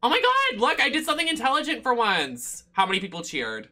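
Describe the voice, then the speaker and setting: A streamer talking through a cheap horror game live, loud and profane, cracking jokes at everything. The voice is bright and swoops all over the place, jumping into high squeals and shouts whenever something startles them. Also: wildly swooping pitch, fairly quick. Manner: loud, profane, jokey running commentary. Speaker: streamer playing horror games.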